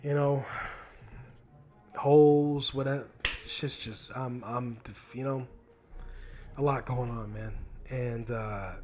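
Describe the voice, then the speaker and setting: A man's voice: mid-range voice, fairly even intonation, slow, long pauses, a little mellow, faint music behind. Frustrated 20-year-old man venting on a handheld mic. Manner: frustrated, rambling, heavy swearing with many restarts. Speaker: vlogger telling a story. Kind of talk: casual storytime monologue. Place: home recording studio. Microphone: handheld microphone.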